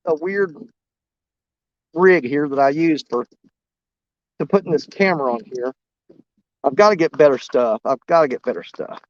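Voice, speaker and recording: A man, talking straight to his viewers in a casual outdoor fishing vlog, excitable and emotional, recorded on a camera mic muffled against the wind on a river bank. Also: high voice, dry recording. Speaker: fishing vlogger.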